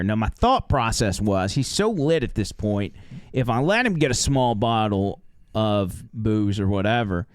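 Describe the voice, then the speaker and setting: A man who drives for a rideshare service tells a story on a podcast, animated and acting out the people in it. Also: fairly low pitch, measured pace, clean tone, no room sound, studio quality. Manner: animated, acts out the characters.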